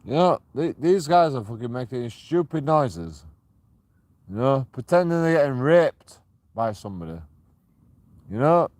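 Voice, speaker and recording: An angry, profane man ranting and taunting people, recorded outdoors on a dark path at night. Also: medium pitch, animated, unhurried, pauses often, no echo. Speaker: street auditor filming himself. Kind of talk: confrontational vlog rant.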